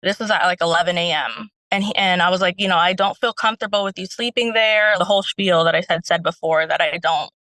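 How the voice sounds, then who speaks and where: A woman's voice: fairly low pitch, fast, hardly any pauses, bright, forceful tone, no echo, low-quality recording. A young woman calling in as a stay-at-home mom, telling her story in a rambling way with many fillers. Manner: rambling, lots of fillers, retells quotes.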